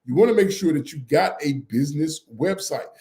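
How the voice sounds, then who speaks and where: A man co-hosting a podcast, teaching in an energetic, emphatic way and repeating his key points again and again. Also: on the high side, brisk, roomy sound. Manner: repetitive and emphatic, drills points over and over. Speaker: podcast co-host teaching business credit. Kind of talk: energetic live-stream teaching.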